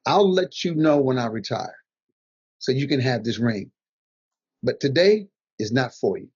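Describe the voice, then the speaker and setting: Unhurried and slightly rough, this older man's medium-pitched voice carries motivational advice as a guest comedian in conversation. He tells stories with animation, voicing the remarks people made to him, all over dull lo-fi audio.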